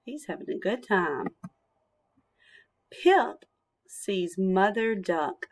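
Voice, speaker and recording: A woman teacher reading a picture book aloud to young children, in a gentle, sing-song storytelling manner with phonics asides. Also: medium pitch, measured pace.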